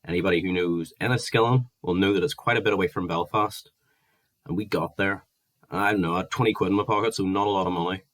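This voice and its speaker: Low-voiced Northern Irish man ranting. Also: steady tone, fast, fairly bright tone. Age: 20s. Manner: heated, sweary, exasperated ranting. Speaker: vlogger. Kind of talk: angry ranting monologue.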